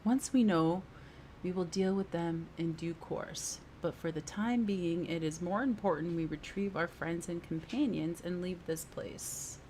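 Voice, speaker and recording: A woman's voice: on the low side, measured pace, mellow, a little hiss or hum, close to an everyday voice. A woman putting on a stern adventurer with a mock British lilt. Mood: resolute. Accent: put-on British. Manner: formal, declamatory reading of game dialogue. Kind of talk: reading game dialogue aloud in character.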